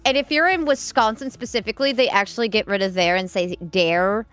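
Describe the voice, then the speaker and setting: A woman's voice: mid-range voice, brisk, a bit bright, soft background music. Chatty Midwestern American woman. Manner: chatty, lots of "like", explains. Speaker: streamer. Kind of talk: casual stream chat.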